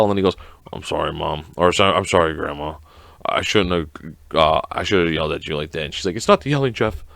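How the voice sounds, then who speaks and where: Though sick, this podcast host rambles through his casual solo show, cursing freely, dropping fillers and voicing characters in quoted scenes. His mid-range voice is a bit bright and clean. The recording is dry.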